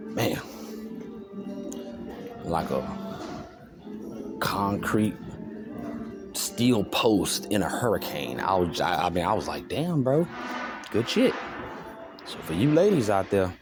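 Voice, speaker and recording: A man telling a rambling story on his vlog, laughing and mimicking others. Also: low-pitched. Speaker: vlogger. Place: store, walking around.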